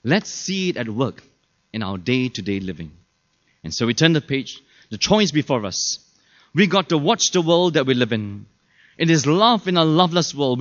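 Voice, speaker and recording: Pastor, conversational sermon, fairly high voice, dull lo-fi recording. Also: male voice. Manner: conversational, asks the audience rhetorical questions; acts out quoted people in shifted voices.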